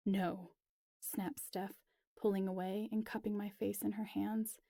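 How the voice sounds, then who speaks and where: Slow, mellow woman reading a story. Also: mid-range voice, flat delivery, vocal fry, dry recording, clean studio sound. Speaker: reader. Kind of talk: first-person story narration.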